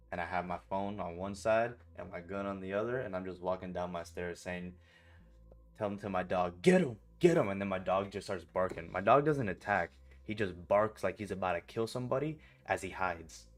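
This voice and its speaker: A young man trading streamer telling casual stories in a blunt, profane way. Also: low-pitched. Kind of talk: casual vlog monologue.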